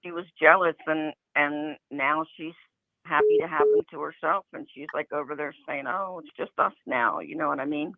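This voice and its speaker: A man's voice: a little high, fairly even intonation, normal speed, vocal fry, dry recording. A man calling in to a talk show, talking in a hesitant, rambling, suspicious way. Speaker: caller. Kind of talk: phone-in call. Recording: phone line.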